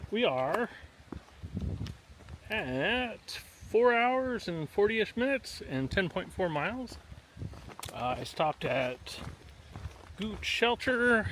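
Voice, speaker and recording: A man hiking outdoors on a forest trail, chatting casually to the camera as he walks, pausing often. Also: high voice, big pitch swings, fairly bright tone, slight background noise. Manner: chatty, unhurried, pauses often. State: panting on uphill. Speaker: hiker vlogger.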